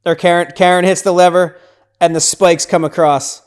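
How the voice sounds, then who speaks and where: A man hosting a podcast, casually recapping a film scene by scene, with lots of "like" and "right?", dropping to a hush for tense moments. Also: high voice, flat delivery, normal speed, clean tone. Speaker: podcast host.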